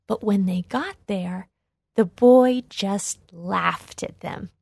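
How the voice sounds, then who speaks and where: A woman narrating a children's read-along storybook in a clear, expressive way, recorded on a close mic. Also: medium pitch, slow pace, dry recording.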